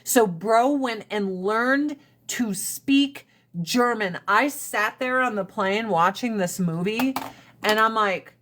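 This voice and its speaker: A woman's voice: a little high, takes it slowly, fairly bright tone. A woman hosting a casual live stream, talking bluntly with plenty of profanity and ranting with rising emphasis. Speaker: livestream host. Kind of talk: casual livestream chat.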